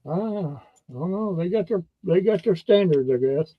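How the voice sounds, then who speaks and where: High-voiced teasing man on a dull mic. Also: animated, normal speed, dry recording. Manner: teasing, repeats words for laughs. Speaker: live chat co-host. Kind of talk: joking casual chat.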